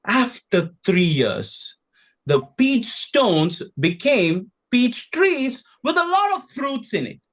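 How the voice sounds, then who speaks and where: A man from India, telling a folktale slowly and expressively with dramatic pauses. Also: very high voice, sing-song, fairly bright tone. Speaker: storyteller.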